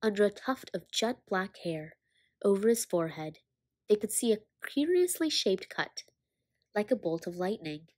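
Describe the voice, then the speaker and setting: A woman narrating a children's novel aloud in a measured, expressive storytelling manner. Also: medium pitch. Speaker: audiobook reader.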